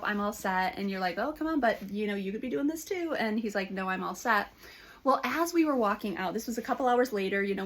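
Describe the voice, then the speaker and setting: Lady counselor chatting to camera, storytelling, lots of ums and restarts. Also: medium pitch. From United States. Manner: warm storytelling with frequent fillers and restarts. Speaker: licensed counselor. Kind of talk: casual advice talk to camera.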